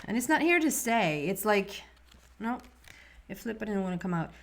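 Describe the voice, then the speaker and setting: A woman giving a monthly tarot reading in a soft, meandering way, often trailing off and restarting her sentences. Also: mid-range voice, very animated, moderate pace, very noisy. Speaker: tarot reader.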